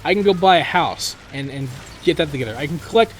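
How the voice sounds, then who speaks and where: A man's voice: animated, a little hiss or hum. A young man rambling casually to his viewers, with many fillers and restarts. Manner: mimics other players in quick high voices. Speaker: gaming YouTuber. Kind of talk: casual spoken monologue.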